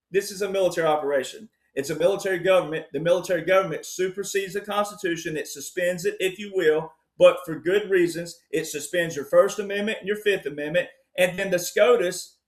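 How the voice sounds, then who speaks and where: A man giving emphatic political commentary as a panel guest, often addressing "ladies and gentlemen". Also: high voice, roomy sound. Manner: emphatic, repeats "ladies and gentlemen", acts out voices.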